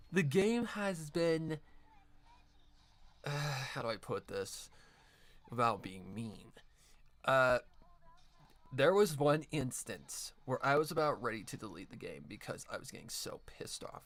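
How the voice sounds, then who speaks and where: A man's voice: mid-range voice, animated, slow, pauses often, a bit bright. A man streaming while he edits an audio drama, chatting casually in a rambling, self-correcting way and swearing now and then. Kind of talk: casual live-stream chat.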